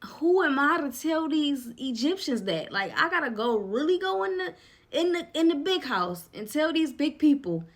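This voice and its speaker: Moses comes across as a nervous, doubting man who keeps protesting that he is too small and cannot talk right, all in easy casual slang, as a woman retelling the story puts him on in a fairly high voice. He pleads and argues rather than shouts. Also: sing-song, normal speed. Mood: worried.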